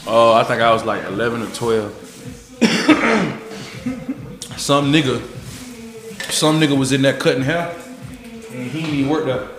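A man telling stories in casual banter on a podcast, animated, swearing freely and acting out the people in them. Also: mid-range voice, measured pace, pauses often, echoey room, music in the background.

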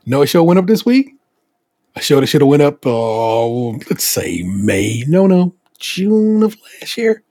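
Husky male podcast host telling stories. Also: a little high, measured pace, dry recording. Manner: animated storytelling with profanity and acted quotes. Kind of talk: casual podcast chat.

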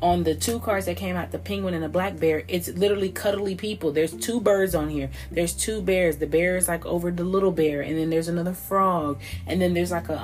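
A woman's voice: fairly low pitch, darkish tone. A woman doing a casual spiritual card reading, rambling and restarting her sentences, swearing freely and talking straight to her listeners as y'all. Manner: rambling, profane, frequent restarts; addresses listeners directly as y'all. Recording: clear music playing behind.

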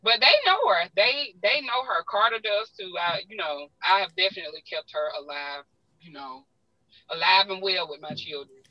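A woman's voice: on the low side, moderate pace, dry recording, muffled recording. A talkative woman with a Southern US accent, a guest sharing personal stories in a heartfelt way. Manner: talkative, heartfelt, self-described talker. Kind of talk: emotional personal storytelling.

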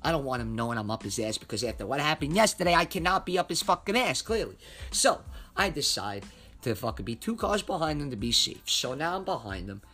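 Animated, foul-mouthed male storyteller. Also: on the high side, fairly quick, soft background music. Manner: animated, heavy cursing. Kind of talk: profane personal anecdote.

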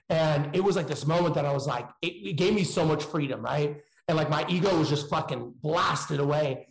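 A man's voice: a little high, moderate pace, hardly any pauses, reverberant, low-quality recording. A man speaking candidly in a casual, slangy way, with frequent restarts. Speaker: guest entrepreneur.

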